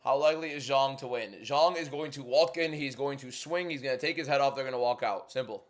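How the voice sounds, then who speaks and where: Young man chatting on a fight watchalong. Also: medium pitch. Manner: chatty, frank, quick opinions, reads viewer questions aloud. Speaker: livestream host. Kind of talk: casual watchalong chat, answering chat.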